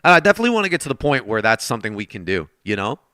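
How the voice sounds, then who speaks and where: A man chats casually with his live-stream audience while he plays, thanking donors and talking straight to chat. His voice is bright and smooth and swings up and down a lot. The sound is dry and close, with no room around it. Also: medium pitch, sing-song, rapid-fire, no room sound. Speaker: game streamer. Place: at a desk.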